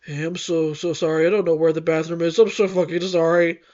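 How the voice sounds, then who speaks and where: A man's voice: on the high side, flat delivery, brisk, darkish tone, voice pushed down, natural voice. A woman voicing a panicky young man who stammers and rambles frantically, in a storybook reading. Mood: frantic. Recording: dull lo-fi recording.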